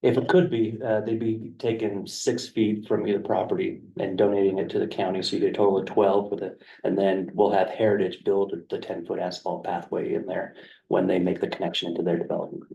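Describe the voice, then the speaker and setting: A man's voice: low voice, flat delivery, a little fast, gravelly, mellow, distant mic, dull audio, slight background noise. A man on county staff explaining a development proposal at a work session, hesitant and full of fillers, in a meeting room. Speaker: county planning staff presenter.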